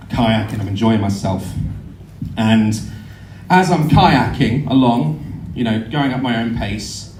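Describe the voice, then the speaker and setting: A man's voice: medium pitch, slow pace, a little hiss or hum. Sweary man telling stories on a stage. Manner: animated, sweary, acts out voices and screams. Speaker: live show performer. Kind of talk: comic storytelling to a live audience. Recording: echoey venue, heard from afar. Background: audience laughter.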